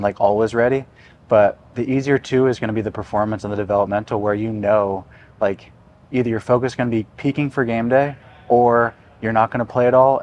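A young man coaching on a casual podcast, talking in a relaxed way full of "like" fillers. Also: lowish voice, dull audio. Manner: relaxed, filler-heavy, lots of "like".

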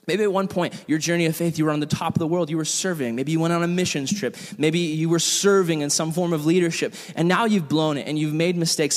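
A pastor preaching a conversational sermon, telling stories and quoting the people in them. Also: male voice, on the high side. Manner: conversational storytelling with quoted voices. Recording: long hall reverb.

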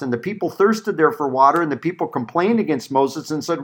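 A man's voice: medium pitch, a little fast, hardly any pauses. A middle-aged man teaching a Bible study sermon, reading scripture and acting out quotes with emphatic peaks.

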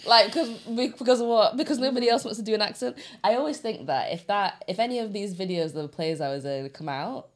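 Wry woman podcast host with mid pitch. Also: brisk, few pauses. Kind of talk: casual podcast chat.

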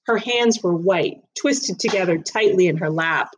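A woman reading a children's story aloud in an even, measured narration. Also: fairly low pitch, slight background noise, low-quality recording.

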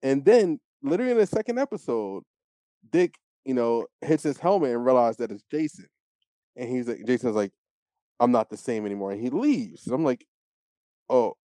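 Podcast co-host, male, casual storyteller; dark tone, swooping pitch, dry close sound. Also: fairly quick, no room sound. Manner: animated storytelling, acts out quotes. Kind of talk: casual chat.

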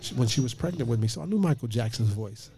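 A man in his late thirties, a pastor, telling a lively personal story with jokes and acted-out quotes. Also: medium pitch, fast, gravelly, slightly rough. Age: late 30s. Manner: lively, joking, acts out quoted voices.

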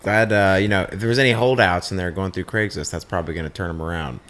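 A man's voice: sits low, steady tone, fast, a bit bright. A man co-hosting a podcast in casual chat, rambling with wry asides. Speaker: podcast co-host.

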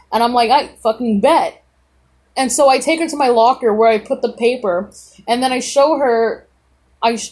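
Breathy teen girl telling stories. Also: a little high, a little mellow. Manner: chatty, lots of fillers, swears freely. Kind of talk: casual storytelling.

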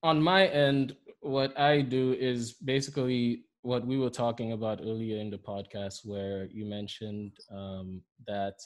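A man with a Saint Lucian accent, a podcast host telling stories in an animated way, often laughing. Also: mid-range voice, measured pace, few pauses. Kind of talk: conversational storytelling.

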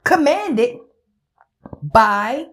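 A woman's voice: a little high, extremely slow. A woman hosting her own podcast, ranting in casual profane commentary and acting out calls with friends. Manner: animated, swearing, acts out phone calls with friends. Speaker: podcast host.

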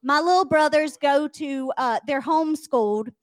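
A woman telling a funny story in a casual podcast chat, animated and laughing as she goes. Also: sits high, normal speed, no echo. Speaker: podcast co-host.

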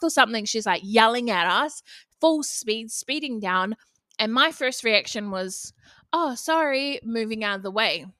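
A woman's voice: medium pitch, sharp tone, no echo. Young NZ-woman, podcast host, frank and sweary, dry sound. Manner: blunt, casual, swears freely. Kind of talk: motivational solo podcast talk.

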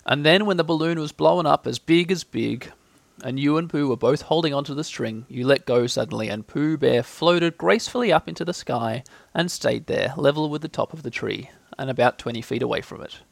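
A man reads a children's storybook aloud, gentle and unhurried, with a gravelly grain to his fairly high voice. The sound is close and dry, with no room around it. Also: no room sound. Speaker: reader. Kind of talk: storybook reading.

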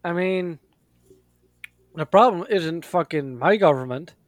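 A man's voice: a little high, animated, unhurried, no room sound. A man from Europe in casual chat, blunt and heavy on swearing. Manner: blunt and profane.

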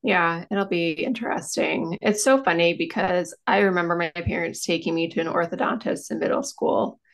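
A woman's voice: fairly low pitch, moderate pace. A woman in her thirties chatting casually as a podcast co-host, self-deprecating, with a slight lisp from dental aligners. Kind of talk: casual chat.

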